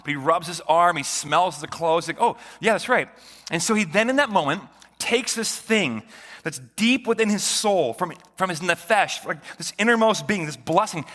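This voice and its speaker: A male pastor giving a sermon in a church, animated and joking, with a conversational, chatty delivery. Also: on the high side. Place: church sanctuary. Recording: long church reverb.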